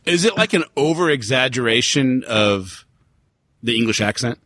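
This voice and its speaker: A man hosting a podcast in a laid-back, jokey way, swearing casually as he talks. His voice is bright and lively, rising and falling a lot. The sound is dry and close. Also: medium pitch, normal speed, no echo. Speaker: podcast host.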